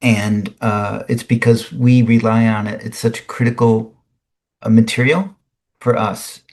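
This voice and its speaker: A man hosting his own podcast, giving casual commentary on current articles in a halting, musing way. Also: medium pitch, fairly even intonation, darkish tone. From United States. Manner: musing, halting, with frequent restarts. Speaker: podcast host.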